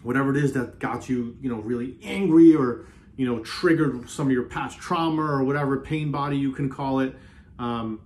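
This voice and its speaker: A man hosting a self-help video, talking earnestly in a casual motivational way, often repeating himself and slowing down on key phrases. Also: mid-range voice, darkish tone. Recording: roomy echo.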